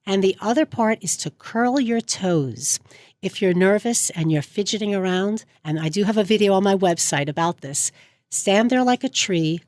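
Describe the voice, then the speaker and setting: A middle-aged woman from New York speaks a little lower than most, giving organized, instructive advice as a guest coach. The sound is close and dry, with no room around her. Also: a little mellow, no room sound. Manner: instructive, organized, lists points. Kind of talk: interview answers, advisory.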